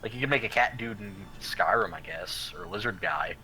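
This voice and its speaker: A man's voice: fairly low pitch, fairly quick, sharp tone, slight background noise, low-quality recording. A young man making dry, wry remarks in casual chat beside someone playing a video game. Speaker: co-commentator on a game stream. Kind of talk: casual gameplay commentary.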